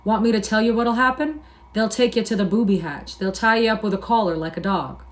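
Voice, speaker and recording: A woman's voice: medium pitch, pitched above the performer's own voice, natural voice. A woman reading aloud and voicing a lonely, scornful older male stable hand with a drawling, persuasive manner. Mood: brooding, persuasive. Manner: drawling, persuasive, slow musing.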